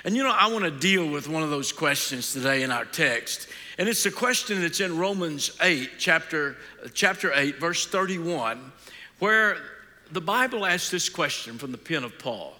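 A middle-aged man preaching a sermon in a large church, his voice bright and cutting with a touch of height to it. He talks in a folksy way, tosses in jokes and keeps asking his listeners questions. A long reverb trails behind every phrase. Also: fairly high pitch, expressive, normal speed. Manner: folksy, joking asides, asks the audience questions. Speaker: guest preacher.

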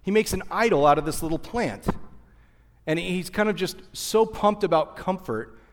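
A man preaching a sermon in a big hall, his slightly high voice trailing off into a long reverb. He is animated and talks to the room, and he briefly puts on the voices of the people in the story. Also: normal speed. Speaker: pastor.

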